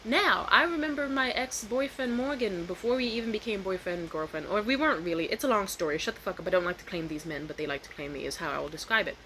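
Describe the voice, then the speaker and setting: A young woman tells a storytime vlog in a bright, lively voice, swearing freely and leaping into high, loud tones whenever she quotes someone. She talks into a phone camera at home, with a faint hum of room ambience behind her. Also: fast talker, few pauses. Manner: animated, profane, jumps into high voices when quoting. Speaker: vlogger. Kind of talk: casual storytime rant.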